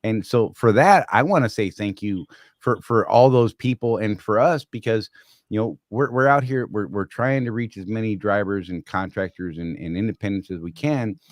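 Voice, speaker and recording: A man's voice: fairly low pitch, moderate pace, dry recording, studio quality. A man co-hosting a casual talk show, speaking earnestly with many restarts and repeated words. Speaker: podcast co-host. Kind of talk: casual chat.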